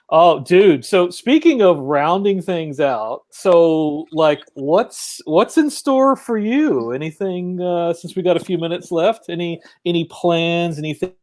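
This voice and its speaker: A man's voice: on the high side, lively intonation, takes it slowly, darkish tone. Laid-back man hosting a live show. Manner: laid-back, filler-heavy, says "dude" and "bro". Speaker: show host. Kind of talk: casual live-stream hosting.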